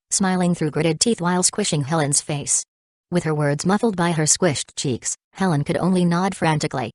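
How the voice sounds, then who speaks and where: A woman narrating an audiobook of a web novel in a steady, even reading. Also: low-pitched, moderate pace, no room sound, clean studio sound.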